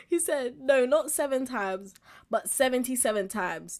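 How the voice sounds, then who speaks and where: A woman in her twenties hosting a casual solo podcast, telling stories with animated, acted-out reactions and frequent laughs. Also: sits high, a little slow. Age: 20s. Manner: animated storytelling, acts out reactions, laughs often. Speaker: podcast host.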